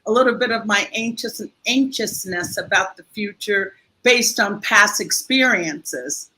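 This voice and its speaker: Bright-voiced older woman telling a heartfelt story. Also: medium pitch, a little slow, rough recording. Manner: heartfelt storytelling, lively and expressive. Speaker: guest. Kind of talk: conversational interview.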